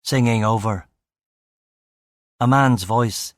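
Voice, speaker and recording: Guy reading a gritty crime audiobook, slow and choppy, dry close sound. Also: mid-range voice, no room sound. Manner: clipped, terse delivery in short fragments. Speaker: audiobook narrator. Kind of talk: first-person crime novel narration.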